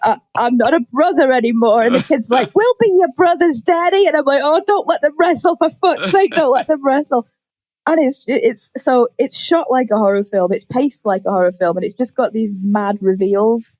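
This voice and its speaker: Young woman, podcast co-host, casual animated storyteller who swears freely; slightly higher voice, dry close recording. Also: no echo. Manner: animated storytelling, quick acted-out quotes, frequent swearing. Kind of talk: casual chat.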